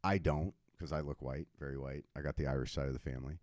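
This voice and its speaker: A man chatting casually on a podcast, telling animated stories and shouting out quoted lines. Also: very deep voice, fast, dry recording, clean studio sound. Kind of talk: casual chat.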